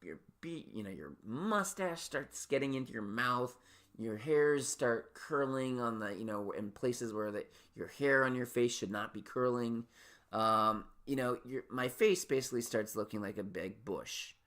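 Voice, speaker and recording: A man's voice: mid-range voice, animated, unhurried, fairly bright tone. A man rambling through a solo rant on his own podcast, neurotic and self-deprecating. He swears freely and often stumbles through his thoughts. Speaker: podcast host.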